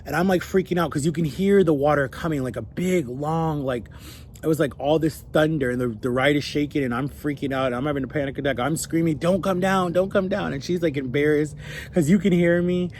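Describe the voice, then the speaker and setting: A young man telling a personal story in a rambling, animated way and acting out the other people's lines. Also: a little high, fairly quick, slight background noise. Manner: rambling, animated, acts out quoted voices. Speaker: vlogger. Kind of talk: casual storytelling.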